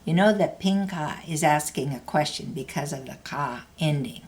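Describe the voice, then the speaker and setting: A woman's voice: sits low, moderate pace, darkish tone. A woman teaching a language lesson, explaining grammar carefully in a scripted narration.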